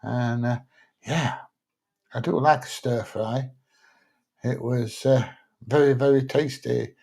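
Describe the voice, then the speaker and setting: Laid-back middle-aged host, mellow voice. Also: male voice, mid-range voice, steady tone, takes it slowly, vocal fry, pauses often, husky. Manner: chatty, laid-back, thinks aloud with fillers. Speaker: live stream host. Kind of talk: casual chat reading viewer comments.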